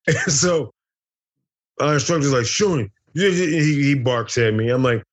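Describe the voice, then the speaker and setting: A man's voice: fairly high pitch, expressive, normal speed. Middle-aged guy from the us, rowdy storyteller, swears a lot, does all the voices. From United States. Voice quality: boisterous, acts out dialogue. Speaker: interview guest, former fighter. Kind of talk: animated storytelling, profane.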